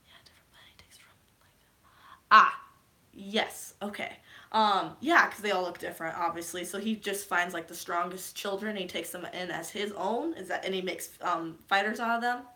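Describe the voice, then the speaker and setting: A woman's voice: mid-range voice, normal speed, pushed and bright. A woman vlogger casually recapping a movie, rambling and gushing, with lots of fillers.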